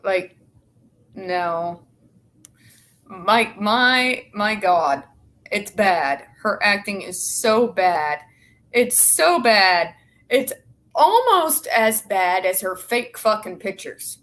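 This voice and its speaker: A woman's voice: medium pitch, lively intonation, very slow, a bit bright. A young woman in casual, opinionated chat, blunt and sarcastic with a lot of swearing. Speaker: show co-host.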